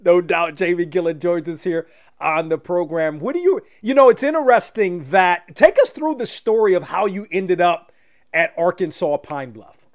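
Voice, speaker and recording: A man with a notably high voice hosting a sports podcast. He asks his questions haltingly, repeating words and filling gaps with "uh" before he gets to the point. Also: lively intonation. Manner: halting, filler-heavy questions. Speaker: podcast host. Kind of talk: interview hosting.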